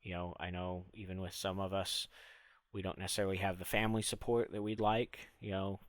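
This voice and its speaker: A man streaming a relaxed, rambling talk, retelling a story and musing, with many fillers and restarts. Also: sits low, brisk, dry recording.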